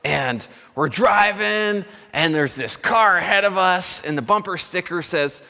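Bright-voiced pastor man in a reverberant hall. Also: high-pitched, measured pace, creaky. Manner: storytelling, conversational with self-corrections. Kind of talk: sermon. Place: church service.

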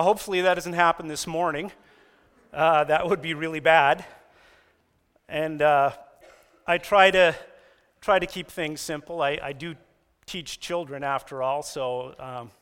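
A man preaching a sermon, telling stories with animated delivery and raising his voice for quoted lines. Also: smooth. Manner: animated storytelling, raises pitch for quoted lines. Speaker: pastor. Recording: long reverb of a church hall.

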